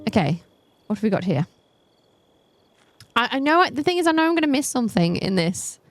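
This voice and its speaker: A woman's voice: a little high, sing-song, fairly quick, no room sound, soft background music. A woman playing a murder mystery game as a streamer, chatting casually with a self-deprecating humor. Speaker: let's play streamer.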